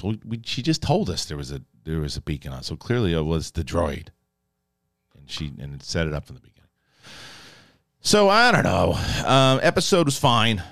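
Low-voiced man doing a casual review. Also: dry recording, clean studio sound. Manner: animated, jokey, acts out characters in quick asides. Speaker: film and TV reviewer. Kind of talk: casual spoken episode review.

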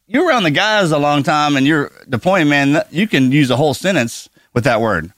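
Male veteran guest, bright tone, relaxed delivery, dry close sound. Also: on the high side, fairly quick, dry recording. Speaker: podcast co-guest, navy veteran. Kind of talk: casual podcast chat.

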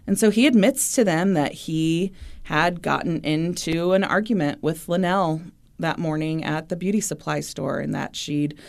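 A woman's voice: low-pitched, normal speed, a little mellow. A woman from the Midwest US, a podcast host, retelling a true-crime case in a chatty way and acting out the people in it. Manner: chatty retelling, acts out dialogue. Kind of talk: casual true-crime storytelling.

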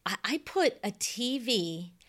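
A woman's voice: fairly high pitch, sing-song, slow pace, fairly bright tone. A woman co-hosting a podcast, chatting casually in an enthusiastic, teasing way. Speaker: podcast co-host. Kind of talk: casual chat.

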